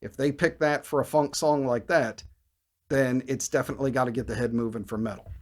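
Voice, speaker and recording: Man, bass lesson host, energetic explainer, scats riffs, counts beats, average pitch. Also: brisk. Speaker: bass teacher. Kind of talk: instructional video lesson.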